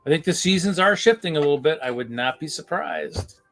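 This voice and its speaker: A man's voice: on the high side, expressive, a little fast, a bit bright, soft background music. A man hosting a casual live-stream chat, rambling and often restarting his sentences. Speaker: host.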